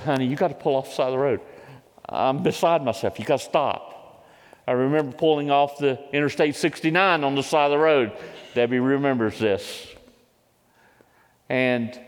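A man in his fifties preaching a sermon, giving impassioned testimony that climbs into loud pleading cries. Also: fairly high pitch. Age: 50s. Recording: long hall reverb.

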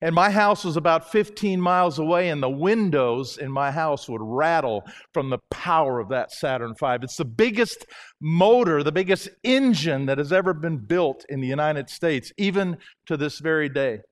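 An older man from Alabama gives a chapel talk. His voice sits fairly high. He keeps it jokey and chatty, drawing the audience in. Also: moderate pace. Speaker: guest speaker.

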